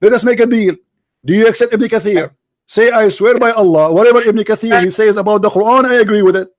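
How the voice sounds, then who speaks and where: Combative high-voiced man with hoarse strain. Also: fast talker, no room sound, clean studio sound. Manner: combative, insulting, talks over callers. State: losing his voice. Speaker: debate show host. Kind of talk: heated live debate.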